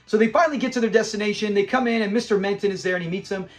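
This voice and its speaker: A man who hosts a show reviewing a classic sitcom episode. He is animated, laughs often and acts out characters' lines as he retells scenes. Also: high voice, rapid-fire.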